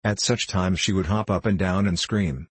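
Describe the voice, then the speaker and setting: Soft serious mom in a storybook read by a guy, dry close sound. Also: sits low, moderate pace, breathy edge, no room sound. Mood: gentle. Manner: gentle, earnest. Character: gentle, grave mother.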